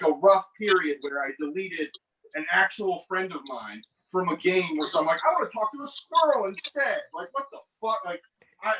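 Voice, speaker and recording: Profane rambling man, bright and high. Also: far from the mic, slight background noise, rough recording. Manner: rambling, profane, self-mocking. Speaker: stand-up comic. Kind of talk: stand-up set over online stream. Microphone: headset.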